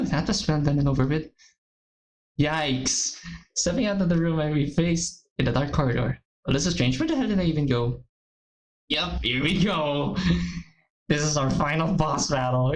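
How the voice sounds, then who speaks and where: A woman hosting a let's-play, reading a visual novel aloud in a blunt, profane, animated way. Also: low-pitched, a little hiss or hum.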